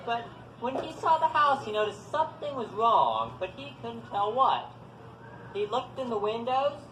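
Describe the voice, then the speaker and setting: A man telling folktales live to an audience, animated and coaxing listeners to join in. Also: extremely high pitch, a little slow. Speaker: storyteller. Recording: echoey hall, faint background noise.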